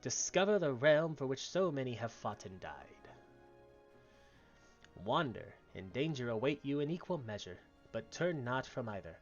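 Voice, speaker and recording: A man's voice: mid-range voice, big pitch swings, moderate pace, highs cut off, faint music behind, lightly acted. A man voicing a stern female admiral in a video game, speaking in grave, formal, old-fashioned phrasing. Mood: solemn. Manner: grave, formal, archaic speech.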